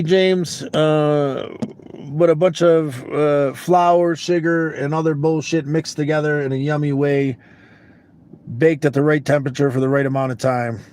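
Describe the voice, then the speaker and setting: A man in a slightly high register chats to his phone camera from the vehicle he travels in. He sounds groggy and laid-back, rambling along with repeated words and the odd casual swear. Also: a little mellow. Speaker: traveling vlogger.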